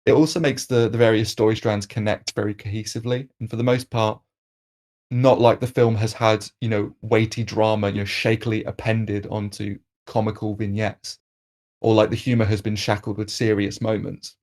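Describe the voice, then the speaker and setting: A man hosting a film review podcast, reading an analytical critique in a measured way with occasional restarts. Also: fairly low pitch, level tone, darkish tone.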